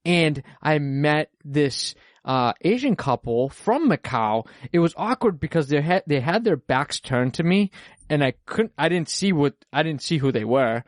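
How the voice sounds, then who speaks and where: A man's voice: a little high, sing-song, a little slow, no room sound, studio quality. A young man, a podcast host, chatting casually in a rambling, profane way with lots of fillers. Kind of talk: casual chat.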